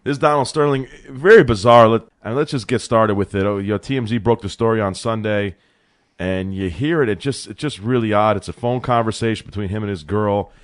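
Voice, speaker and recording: A young man co-hosting a sports podcast in a small studio, talking in an excitable, animated way and calling his partner bro. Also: lowish voice, brisk. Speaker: co-host. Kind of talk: casual sports talk.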